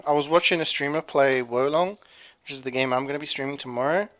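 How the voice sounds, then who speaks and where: A man's voice: medium pitch, quick pace, fairly bright tone. Rambling man chatting while cooking. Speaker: streamer. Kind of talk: casual cooking stream chat. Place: home kitchen.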